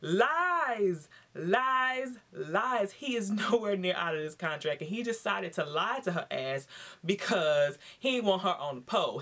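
A woman giving a casual, slangy episode recap, animated and laughing as she acts out what people said. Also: deep voice. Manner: chatty, acts out quotes in raised voices. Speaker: TV show reviewer.

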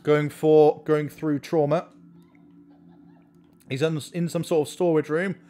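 A young man commentating on a horror game, excitable and chatty, muttering repeated counts under his breath between bursts of excitement. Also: a little high, slow, soft background music. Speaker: gameplay commentator.

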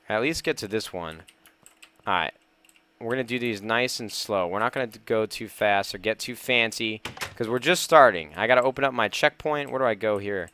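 A man giving excitable let's play commentary, nervously talking himself through each jump and chatting to his viewers. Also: mid-range voice, no echo. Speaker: gaming YouTuber.

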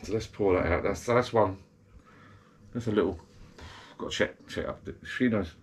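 A man's voice: on the low side, moderate pace, slightly rough. A man rambling in casual chat from his backyard garden bar, drifting from topic to topic. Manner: rambling, digressive, chatty. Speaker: vlogger.

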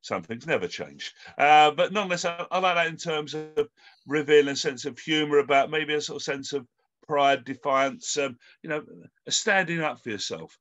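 A man's voice: a little high, normal speed, fairly bright tone. A man hosting an online panel discussion over a video call, talking in a hesitant way with many ums and restarts. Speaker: host.

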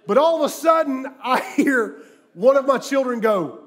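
A middle-aged man preaching a sermon, telling jokey stories and swinging from quiet asides to loud bursts. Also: extremely high pitch, lively intonation, moderate pace. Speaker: guest preacher. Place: church sanctuary with live audience.

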